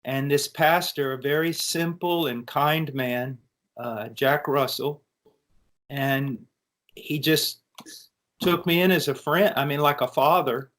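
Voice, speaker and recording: A middle-aged man from the United States recounts his life in an interview. His voice sits a little high for a man. His telling is earnest and animated, full of restarts. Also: slow. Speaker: interview guest. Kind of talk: conversational testimony.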